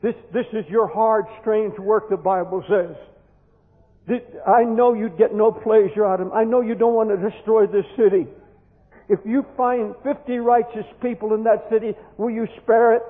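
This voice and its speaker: Man, fervent preacher, very high voice, stammers into repeats, long hall reverb. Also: steady tone, normal speed. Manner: impassioned, repeats words when pleading. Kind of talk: fervent sermon. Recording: tinny hall recording with long echo.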